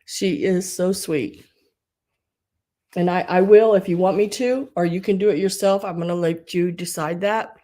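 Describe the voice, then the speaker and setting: A woman with a fairly low voice hosts a home live stream while crying. She speaks haltingly, her words breaking off and sinking into soft whispers. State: tearful, crying. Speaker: online live-sale host. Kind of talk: emotional live-stream chat.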